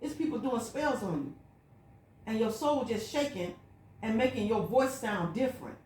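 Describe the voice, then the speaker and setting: A woman's voice: on the high side, expressive, moderate pace, darkish tone, a little hiss or hum. Woman vlogging in an echoey room. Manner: repetitive, emphatic, looping storytelling. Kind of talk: personal spiritual monologue.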